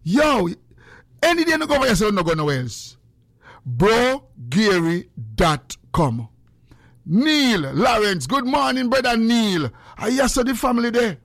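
A man's voice: very high-pitched, very animated, normal speed, a bit bright, no room sound, studio quality. A man with a Jamaican accent hosting a casual livestream, greeting viewers by name and teasing them playfully. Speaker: livestream host.

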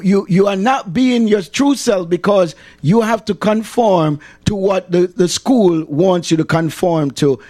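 High-voiced Jamaican man, repetitive and emphatic. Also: a little mellow. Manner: repetitive, emphatic, slips into patois. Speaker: chaplain. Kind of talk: casual livestream monologue.

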